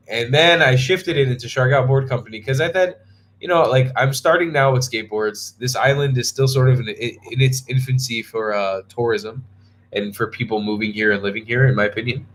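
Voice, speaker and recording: With a mid-range, fairly bright voice, this tired young man yawns through a casual livestream chat. The travel vlogger meanders and restarts while responding to comments from viewers.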